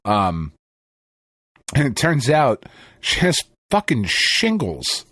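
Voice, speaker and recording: A man co-hosting a casual podcast, telling stories full of swearing and quick laughter. His pitch swings widely as he talks, and the recording is dry and close with no room echo. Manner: profane, animated storytelling with frequent laughs. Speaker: podcast co-host. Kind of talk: casual chat.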